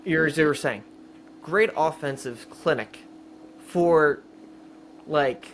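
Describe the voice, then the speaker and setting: Excitable higher-voiced man with faint hiss. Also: takes it slowly. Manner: excitable, fan-like. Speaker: podcast co-host. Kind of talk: casual sports chat.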